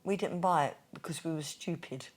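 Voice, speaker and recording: A woman in her sixties from East London with a softened Cockney accent, chatting as an interview guest and acting out quoted voices. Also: sits low, brisk. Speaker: interview guest, singer and TV presenter. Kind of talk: casual interview storytelling.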